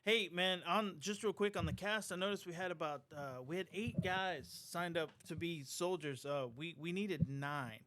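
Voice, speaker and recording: A man's voice: high-pitched, normal speed, few pauses, a bit bright. A man co-hosting a podcast, chatting casually and profanely, acting out mock dialogue between studio people. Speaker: podcast co-host. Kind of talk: casual banter.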